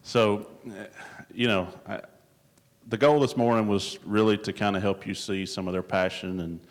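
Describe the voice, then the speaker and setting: Male moderator, very deep voice, easygoing and teasing, large-hall echo. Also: steady tone, normal speed. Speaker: session moderator. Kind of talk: moderating a conference panel. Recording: echoey conference hall.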